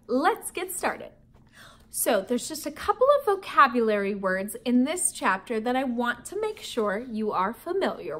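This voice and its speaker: Slow, lively Minnesota woman teacher. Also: sits high. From Minnesota, United States. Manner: friendly, expressive teacherly delivery. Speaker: teacher reading to students. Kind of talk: children's read-aloud storytelling.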